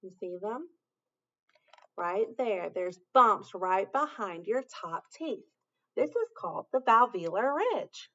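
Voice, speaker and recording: Slow, lively-voiced woman teaching children. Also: medium pitch, dull audio. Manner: patient, sing-song praise, carefully spelled-out sounds. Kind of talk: slow, encouraging lesson for young children.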